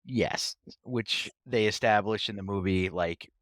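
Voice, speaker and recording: A man hosting a podcast in casual chat, joking and animated, slipping into playful impressions. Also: on the low side, measured pace, no room sound, clean studio sound. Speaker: podcast host.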